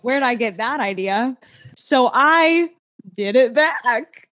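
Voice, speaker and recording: A woman's voice: a little high, expressive, takes it slowly, fairly bright tone, no room sound, studio quality. A young woman with an American accent, a musical theatre performer chatting as a guest, full of fillers and restarts. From United States. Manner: chatty, lots of "like" and restarts, laughs easily. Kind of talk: casual chat.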